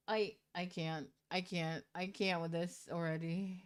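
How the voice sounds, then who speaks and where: A woman streamer reading out a viewer's love story in a casual way, breaking into loud, shocked reactions and swearing. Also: lowish voice, fairly even intonation, normal speed, few pauses.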